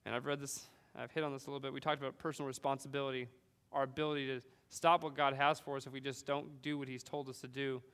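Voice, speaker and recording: A man from California preaching a sermon, animated storytelling with frequent "right?" asides. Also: medium pitch, fast talker, smooth, long reverb tail. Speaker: pastor.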